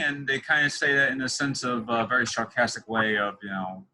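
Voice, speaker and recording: A man's voice: mid-range voice, a little fast, bright, forceful tone, rough recording. A young man hosting a podcast interview, talking in a rambling, casual way with many restarts. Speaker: podcast host.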